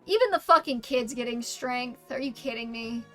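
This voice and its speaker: A woman's voice: a little high, moderate pace, sharp tone, faint music behind. A young woman streamer giving casual, crude and sarcastic gameplay commentary.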